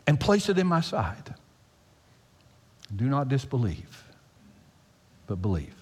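A man voicing a gentle, calm teacher who speaks softly and reassuringly. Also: mid-range voice, takes it slowly, slightly rough, exaggerated voice. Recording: long hall reverb.

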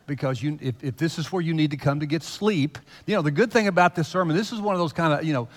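A man's voice: fairly high pitch, quick pace. Male pastor preaching in a reverberant hall. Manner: conversational, teasing, swings from loud to hushed. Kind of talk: sermon. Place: church sanctuary. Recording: long reverb of a large hall.

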